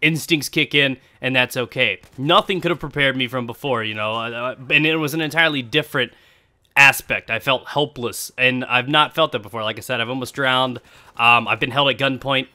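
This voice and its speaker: Guy rambling a personal story to his viewers over game footage, very bright tense voice, cusses a lot. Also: medium pitch, a little fast. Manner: rambling, chatty, swears freely; speaks to viewers directly. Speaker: gaming video creator. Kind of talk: casual storytelling over gameplay.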